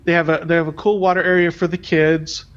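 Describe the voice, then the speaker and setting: A man's voice: a little high, level tone, fast, dull audio. A man co-hosting a podcast, speaking casually and hesitantly with lots of ums. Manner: hesitant, many ums and repeated words. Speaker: podcast co-host.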